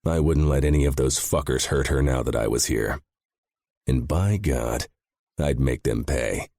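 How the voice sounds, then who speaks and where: Grim male audiobook narrator, very deep. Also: a little slow, vocal fry, a little mellow, no room sound, studio quality. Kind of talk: first-person audiobook narration.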